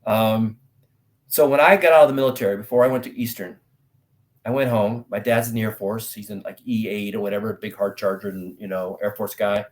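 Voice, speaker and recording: A middle-aged man from the United States, an actor guest telling stories in an interview and acting out dialogue loudly. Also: on the low side, brisk. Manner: animated storyteller, acts out dialogue loudly. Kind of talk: storytelling interview talk.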